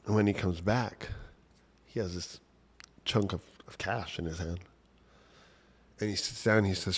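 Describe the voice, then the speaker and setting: A man's voice: low-pitched, fairly even intonation, moderate pace, pauses often, husky. A man casually telling a personal story from childhood, talking conversationally with lots of "like" and "right?".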